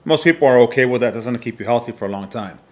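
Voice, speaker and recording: Male fitness coach, mid-pitched, teaching from slides, emphatic and repeats key points. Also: racing, darkish tone. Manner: repetitive, emphatic, frequent "all right" checks. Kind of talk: slide presentation lesson.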